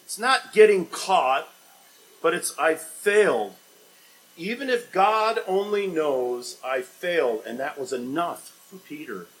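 A man preaching a sermon as a pastor, asking rhetorical questions and swinging between loud emphatic lines and quiet, low ones. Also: lively intonation, slow pace, poor audio. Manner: dynamic preaching with sharp swings in loudness and pitch, rhetorical questions.

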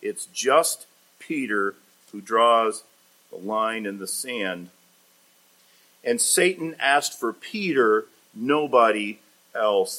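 A man preaching a sermon, emphatic and expository, rising in force when he voices the words of the text. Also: medium pitch. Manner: emphatic preaching, rising loud for quoted lines; expository, reads commentary aloud. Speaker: pastor.

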